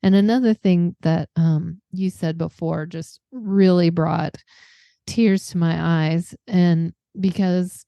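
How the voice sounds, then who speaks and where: A woman hosting a podcast interview, talking in an earnest, reflective way in short measured phrases. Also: fairly low pitch, vocal fry, no echo, dull audio. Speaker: podcast host.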